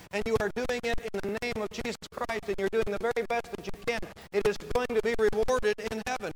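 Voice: medium pitch, low-quality recording. A pastor preaching a sermon earnestly, repeating phrases for emphasis.

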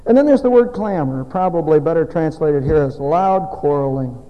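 A man preaching a sermon as a pastor, emphatic and folksy, with loud exhortation and quiet asides. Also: fairly high pitch, lively intonation, moderate pace, long reverb tail, phone-quality sound. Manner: folksy, self-deprecating humor.

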